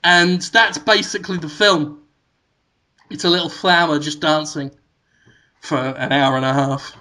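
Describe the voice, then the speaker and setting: A man, a podcast co-host pitching a silly movie idea to his friends in rambling storytelling style, laughing at his own jokes. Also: fairly even intonation, a little slow, bright, forceful tone. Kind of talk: comic movie pitch to co-hosts.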